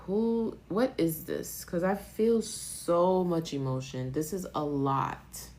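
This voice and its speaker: A woman's voice: lowish voice, slow pace, darkish tone. A woman giving a live-stream tarot reading, talking emotionally and rambling, with casual swearing. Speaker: tarot reader.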